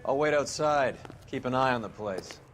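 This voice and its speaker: A man playing a police detective, speaking flat and matter-of-fact. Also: mid-range voice, moderate pace, loud music behind the voice, close to an everyday voice. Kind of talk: game dialogue.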